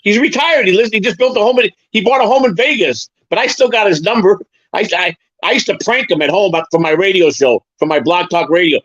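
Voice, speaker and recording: Guy with a high voice rambling on a live stream call, keeps repeating words, dry dull sound. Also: fairly quick, hardly any pauses, a bit bright, dry recording. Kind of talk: casual chat.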